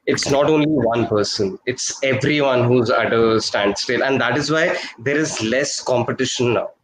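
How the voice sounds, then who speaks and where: A man's voice: medium pitch, moderate pace, low-quality recording. Hesitant man on a video call. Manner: hesitant, many fillers and restarts. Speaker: guest actor-producer. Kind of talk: casual video-call interview.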